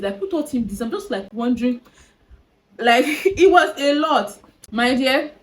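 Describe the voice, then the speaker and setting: A young woman tells a dating story to her viewers, animated and exasperated. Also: a little high, a little hiss or hum, rough recording. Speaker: vlogger. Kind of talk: storytime vlog.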